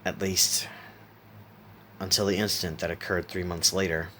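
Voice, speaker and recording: A man reads a horror story aloud in a low, steady voice, sometimes stopping to correct himself. A faint hiss sits behind the voice. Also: normal speed. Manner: steady reading with small self-corrections. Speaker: narrator.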